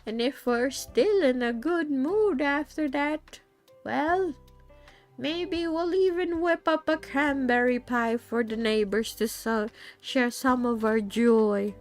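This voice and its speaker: A woman voicing a kindly, doting old grandmother in a game, in a slow, fond, sing-song manner. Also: high-pitched, soft background music. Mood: cheerful.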